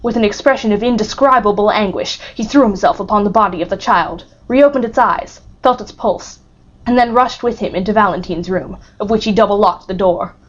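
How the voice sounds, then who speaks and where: A woman's voice: medium pitch, fairly quick. Woman reading a classic novel aloud. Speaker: audiobook narrator. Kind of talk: audiobook narration. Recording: muffled lo-fi recording.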